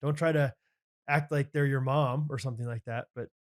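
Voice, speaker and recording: A man's voice: medium pitch, fairly even intonation, a little fast. A man co-hosting a podcast in casual chat, rambling with lots of fillers and restarts, joking and laughing easily. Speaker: podcast co-host.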